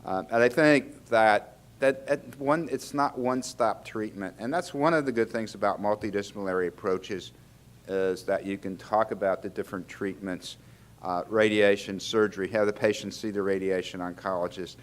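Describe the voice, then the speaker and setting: Chatty lower-voiced man lecturing. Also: normal speed. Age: older. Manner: chatty, self-interrupting, asks the audience questions. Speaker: urologist giving a lecture. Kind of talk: conversational medical lecture. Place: lecture hall.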